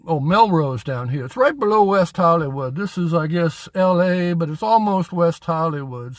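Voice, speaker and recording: A man's voice: high-pitched, no echo. A man hosting a vlog outdoors on a city street, telling a rambling story with corny jokes in a chatty, folksy, self-mocking way. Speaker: vlog host.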